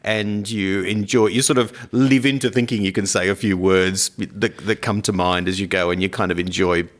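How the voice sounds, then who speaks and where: A man co-hosting a podcast in casual chat, animated and playful, often mimicking accents and laughing. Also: low-pitched, normal speed. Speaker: podcast co-host.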